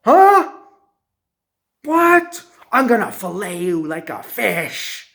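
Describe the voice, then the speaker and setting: A man's voice: high-pitched, animated, takes it slowly, sharp tone, full character voice. A man voicing a menacing adult man with a knife who keeps repeating his threats in a blunt way. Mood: threatening.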